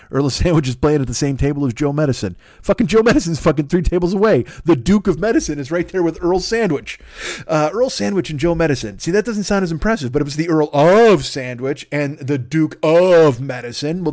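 A man hosting a comedy podcast, riffing in an excitable, profane, absurdist monologue. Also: medium pitch, no room sound, clean studio sound. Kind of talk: rambling improvised comic monologue.

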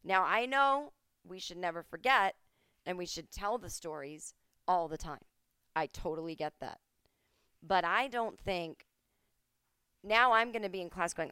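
A woman from the United States hosts a podcast from home. She delivers a comedic rant full of sarcasm and swearing, dropping to mumbled asides and then snapping into loud outbursts. Her voice is smooth and resonant, and the sound is dry and close. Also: on the low side, animated, normal speed, long pauses, no echo. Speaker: podcast host.

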